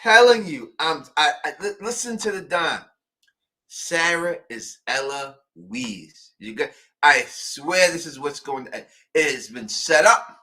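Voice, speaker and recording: Animated, emphatic man co-hosting a show. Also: on the high side, unhurried. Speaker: podcast co-host. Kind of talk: casual chat.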